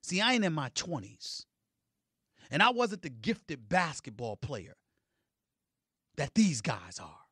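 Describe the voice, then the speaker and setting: A middle-aged man giving heated sports commentary, emphatic, swinging between loud declarations and low, intense remarks. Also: big pitch swings, takes it slowly, pauses often, husky, dry recording, clean studio sound.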